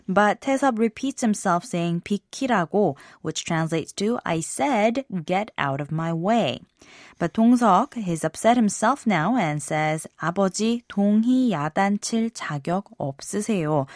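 A woman hosting a language lesson in scripted narration, explaining example phrases clearly and pronouncing them carefully. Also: mid-range voice, no echo, clean studio sound.

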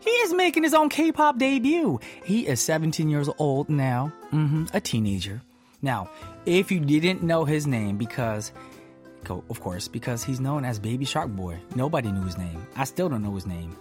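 A man hosting a pop music radio show, reading entertainment news in upbeat patter with playful asides. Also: moderate pace. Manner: animated, playful asides, swoops high on exclamations. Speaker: radio DJ host.

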